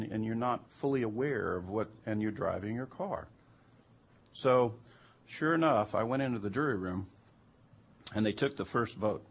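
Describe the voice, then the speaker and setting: A man's voice: medium pitch, creaky, husky. A man telling a personal anecdote in an emphatic way that turns heated and incredulous. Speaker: storyteller recounting jury duty.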